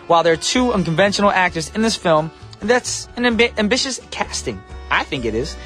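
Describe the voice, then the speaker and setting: A young man hosts a morning radio show from the studio in a bright, upbeat, joking way. His voice sits high for a man. Soft music plays faintly under his talk. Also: very animated, fairly quick. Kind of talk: casual radio hosting.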